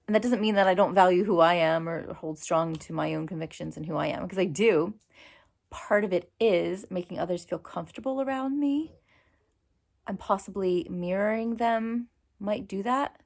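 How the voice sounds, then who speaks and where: Chatty American woman, gravelly edge. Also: lowish voice. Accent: American, New Jersey. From United States. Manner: chatty, laughs often. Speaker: vlogger. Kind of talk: casual vlog chat.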